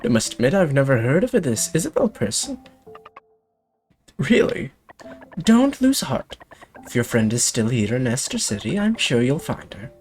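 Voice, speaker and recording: A man's voice: medium pitch, sing-song, moderate pace, a little mellow, faint music behind, voice pushed up, lightly acted. A man reading out a gracious grown woman dancer in a video game, airy and sing-song.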